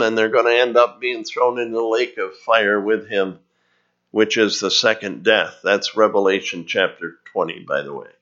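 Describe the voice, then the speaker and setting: A man's voice: mid-range voice, a bit bright. A man preaching a sermon, teaching earnestly and reading scripture aloud to his listeners. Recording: muffled lo-fi recording.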